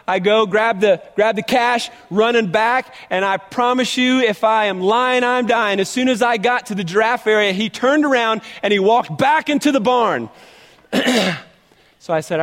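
A man preaching a sermon as an animated, humorous storyteller, recorded in a large church hall with long reverb. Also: high voice, moderate pace. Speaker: pastor.

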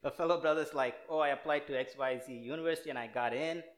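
Earnest young preacher. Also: male voice, on the high side, fast talker. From India. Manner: casual, many fillers and restarts, earnest. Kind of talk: conversational sermon.

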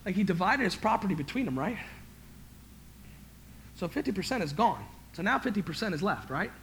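A pastor with a voice that sits high preaches a very animated sermon at a fairly quick pace, with vocal fry and slight hiss or hum. He is emphatic, moving between quiet and loud, and stammers and repeats words when he gets worked up.

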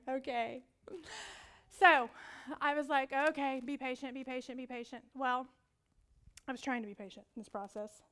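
A woman preaching a sermon, telling a personal story with lively audience prompts and frequent laughter. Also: high voice, smooth. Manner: laughs often.

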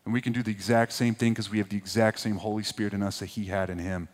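A man preaching a sermon as a pastor, swinging between loud emphatic peaks and hushed, low passages. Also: flat delivery, fast. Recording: long hall reverb.

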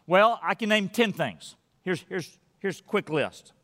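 A man's voice: sits high, expressive, unhurried, fairly bright tone. A man preaching a sermon as pastor, emphatic and building his points by repetition. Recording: hall reverb.

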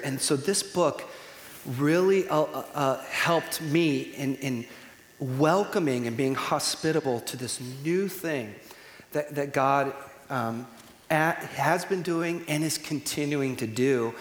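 A man's voice: fairly high pitch, a little hiss or hum. Earnest man in a reverberant hall. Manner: earnest, emotional, halting restarts. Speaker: church leader. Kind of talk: church series introduction. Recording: roomy hall with long reverb.

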